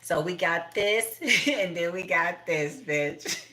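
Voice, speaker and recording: A woman's voice: fairly low pitch, slow, bright, forceful tone. A middle-aged woman, talking in a blunt, profane, rambling monologue with laughing asides. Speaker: tarot reader.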